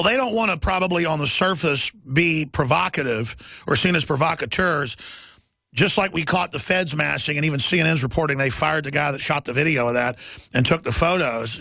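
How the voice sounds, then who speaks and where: A man's voice: fairly high pitch, vocal fry, pushed and bright, no room sound. A middle-aged man hosting a political talk radio show, ranting emphatically and repeating himself for effect.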